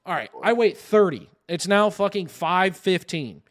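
A man's voice: high voice, expressive, unhurried. A man, a podcast co-host telling a story in casual chat, with a profane, exasperated delivery.

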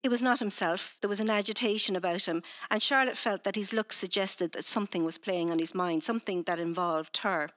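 A woman's voice: mid-range voice, a little fast, few pauses. A woman author chatting hesitantly on a panel, then reading narration from her novel. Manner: hesitant, many fillers in chat; steady when reading.

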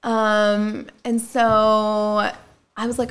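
A woman chatting casually, telling her story with blunt, animated energy. She swears freely and acts out what others said, her voice sitting at a mid pitch. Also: a little slow. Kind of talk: casual chat.

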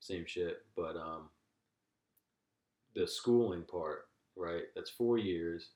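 Casting: young male podcast host, low voice, easygoing chat, echoey room. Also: takes it slowly, a little mellow. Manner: laid-back, many fillers and restarts. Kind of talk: casual conversation.

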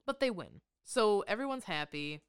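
Smooth-voiced woman recapping a movie sarcastically. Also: medium pitch, moderate pace, no room sound, studio quality. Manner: sarcastic, swears, animated recapping. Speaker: podcast co-host. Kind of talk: casual movie recap chat.

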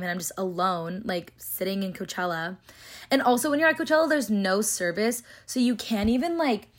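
A young woman telling a chatty story to her viewers, talking fast with lots of fillers. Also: medium pitch. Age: young adult. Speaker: vlogger. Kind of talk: casual storytelling vlog.

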